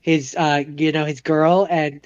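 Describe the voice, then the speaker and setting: A man's voice: a little high, smooth, no echo, highs cut off. Chatty man retelling a movie plot. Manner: animated retelling, acting out characters in quick impressions. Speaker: podcast co-host.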